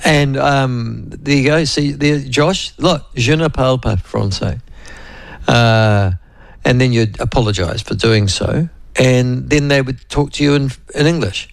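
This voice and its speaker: A man's voice: medium pitch, a little slow, vocal fry, hardly any pauses, no room sound. A New Zealand man hosts talk radio in a loose, rambling way and keeps calling his co-host and listeners by name. His voice sits in a mid register and sounds dry and close to the mic. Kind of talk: casual radio chat.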